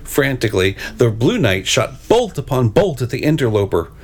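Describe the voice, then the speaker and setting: A man reading a storybook aloud, pausing to describe its pictures with hesitant asides between the expressive narration. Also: mid-range voice.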